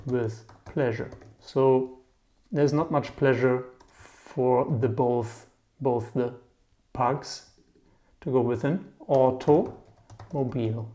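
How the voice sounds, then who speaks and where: Relaxed, mellow-voiced man teaching vocabulary. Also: medium pitch, slow. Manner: chatty, explains with mnemonics and asks "yeah?". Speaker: German teacher. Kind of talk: relaxed language lesson.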